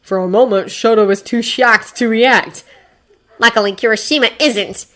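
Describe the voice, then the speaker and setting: A woman narrating fiction as an audiobook, expressive and voicing characters. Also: on the high side, moderate pace. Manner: expressive, acting out voices. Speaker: fanfiction reader.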